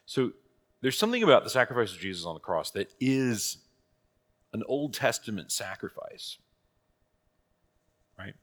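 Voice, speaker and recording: A man's voice: fairly low pitch, animated, moderate pace, long pauses, fairly bright tone. A man teaching a church catechism class in a casual, conversational way, asking rhetorical questions and laughing at his own asides.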